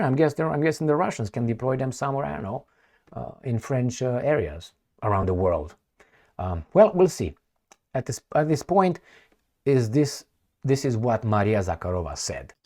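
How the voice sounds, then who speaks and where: A man delivers a loose, rambling monologue about current events, full of "uh"s and restarts. He's sarcastic, mocking the people he quotes, and his voice rises and falls in a lively, animated way. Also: fairly low pitch. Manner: sarcastic, acts out quoted politicians in mocking voices, many fillers. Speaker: political commentary vlogger. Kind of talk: casual opinion monologue.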